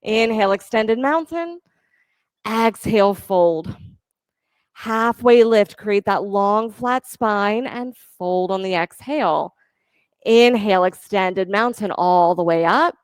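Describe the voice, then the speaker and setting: A woman yoga teacher leading a class, giving calm, encouraging step-by-step cues for breath and poses. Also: medium pitch, takes it slowly, clean tone, no room sound. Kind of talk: guided yoga class instruction.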